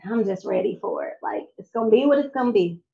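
A young adult woman telling a personal faith testimony in an animated way, talking straight to her audience. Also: mid-range voice, quick pace, gravelly, highs cut off. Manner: animated, addresses audience directly. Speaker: speaker sharing a testimony.

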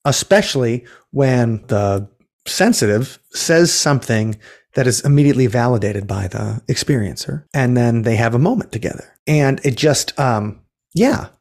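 A ghost tour operator with a medium-pitched, slightly mellow voice and lively intonation speaks at a moderate pace. He tells a story in a casual interview, rambling and restarting, self-correcting, and acting out what people said.

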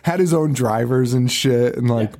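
Recapping a horror film on a podcast, this co-host speaks at normal speed in a mellow, mid-range voice. He curses freely, laughs often, and does mock voices for the scenes he retells.

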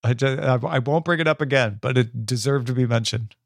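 A man's voice: mid-range voice, brisk, vocal fry, a little hiss or hum. A man co-hosting a casual book podcast with dry, teasing humor. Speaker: podcast co-host.

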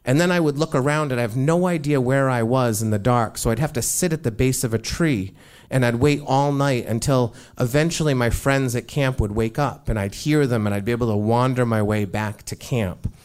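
A man's voice: medium pitch, normal speed, darkish tone, smooth. A man telling a first-person story in a casual, conversational way, acting out the dialogue he quotes. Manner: conversational, informal, frequent "like" fillers; acts out quoted dialogue in his retelling.

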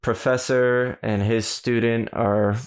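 A man recapping the plot of a film in a relaxed podcast conversation, laughing along as he goes. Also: medium pitch, takes it slowly, smooth. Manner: summarizes the plot, laughing often. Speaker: podcast host. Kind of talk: casual movie recap chat.

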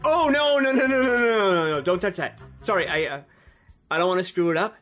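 A woman's voice: mid-range voice, fairly quick, faint music behind. A young woman acting an eager, flustered novice baker in a comedy, tumbling over her words. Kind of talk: comedic radio drama acting.

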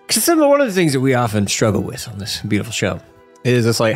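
Male podcast co-host, animated and excitable, laughs a lot, mid-pitched voice. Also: quick pace, soft background music. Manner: excitable, laughs often, geeky enthusiasm. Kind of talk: casual chat.

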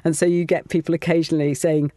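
A voiceover artist and voice coach chatting casually on a podcast, animated, quick to laugh and picky about vowel sounds. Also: male voice, a little high, dry recording, studio quality.

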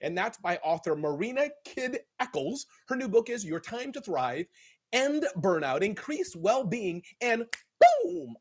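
Jokey guy doing the good news bit, voice bounces all over, casual chat. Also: high voice. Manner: upbeat, jokey, plays voices. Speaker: good-news segment contributor. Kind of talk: casual morning show chat. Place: home in New Jersey.

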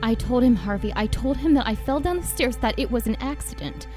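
A woman voicing a frightened, battered young farm wife in a storybook reading, pleading in a high, breathless voice. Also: animated, a little slow, faint music behind. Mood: stammering.

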